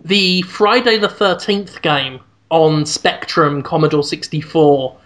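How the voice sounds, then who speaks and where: A man's voice: a little high, slow, fairly bright tone. A man co-hosting a podcast, talking earnestly and rambling a little with restarts in casual chat. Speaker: podcast co-host.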